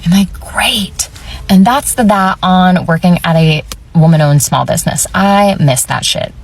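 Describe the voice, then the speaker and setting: A woman's voice: fairly low pitch, normal speed, gravelly. A woman telling a blunt, matter-of-fact story about a customer, with some swearing. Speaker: former service worker. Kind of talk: casual storytelling to camera. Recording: voice distant from the mic.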